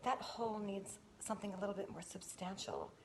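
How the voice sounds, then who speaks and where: Woman, comic performer; sultry mock-seductive whisper, breathy delivery, clear music bed. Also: medium pitch, very animated, a little fast. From United States. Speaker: comedic performer.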